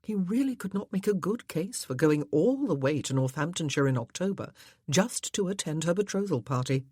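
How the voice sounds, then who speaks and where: A woman reads a historical novel aloud. Her delivery is measured, and her melody moves a lot. The voice is slightly husky and recorded close and dry. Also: lowish voice, expressive, a little mellow, dry recording. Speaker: audiobook narrator. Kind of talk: scripted narration.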